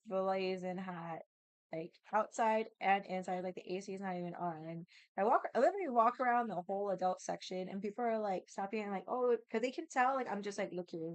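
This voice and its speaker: A woman's voice: mid-range voice, smooth, dry recording. A woman casually telling a rambling story about her day as a vlogger, with lots of filler words.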